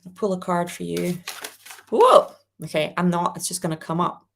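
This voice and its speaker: A woman hosting a live spiritual reading, gently reassuring viewers and reading out their comments. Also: on the low side, little pitch movement, fast talker, creaky. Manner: reads viewer comments aloud. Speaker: angel reading host.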